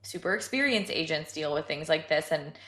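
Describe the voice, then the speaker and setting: Woman podcast co-host, bright tone, chatty and rambling, echoey room. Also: sits low, lively intonation, brisk. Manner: chatty, rambling with many fillers. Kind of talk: casual chat.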